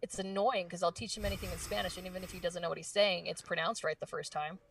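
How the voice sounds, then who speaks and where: A woman voice actress being interviewed, chatting casually and fast with lots of fillers and restarts. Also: lowish voice, fairly even intonation, creaky, distant mic, slight background noise. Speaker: voice actress guest.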